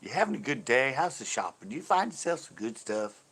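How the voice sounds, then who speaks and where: A man's voice: mid-range voice, big pitch swings, brisk, a bit bright, slightly rough, pitched above the performer's own voice, full character voice. A man voicing a cheery cowboy store clerk in a put-on Texas accent, greeting customers in a folksy, overly friendly way.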